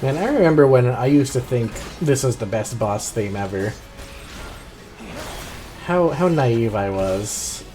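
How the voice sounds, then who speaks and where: A man's voice: medium pitch, lively intonation, a little slow, pauses often, mellow, faint music behind. A man livestreaming a video game, chatting casually and rambling with frequent um fillers. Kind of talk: casual gameplay commentary.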